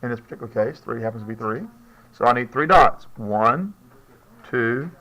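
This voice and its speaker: A man's voice: mid-range voice, moderate pace, sharp tone, poor audio. A man teaching a chemistry class, talking casually, joking and often checking in with his students. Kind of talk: classroom lecture.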